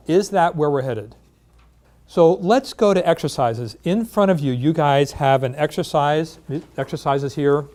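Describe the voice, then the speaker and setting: A man leading a workshop presentation in a meeting room, energetic, asking rhetorical questions and telling stories. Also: fairly high pitch, slow, pauses often. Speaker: insurance industry trainer.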